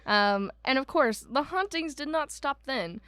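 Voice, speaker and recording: A woman's voice: high-pitched, animated, unhurried, fairly bright tone, no echo. A woman from Ohio co-hosting a podcast, telling a ghost story in casual chat with lots of ums. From Ohio, United States. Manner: chatty, many ums, laughs at herself. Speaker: podcast co-host.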